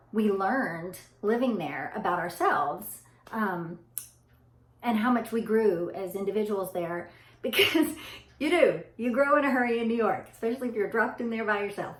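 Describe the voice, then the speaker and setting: Chatty Southern woman, echoey room. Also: medium pitch. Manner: chatty, rambling, says y'all. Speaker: vlogger. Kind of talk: casual chat to camera.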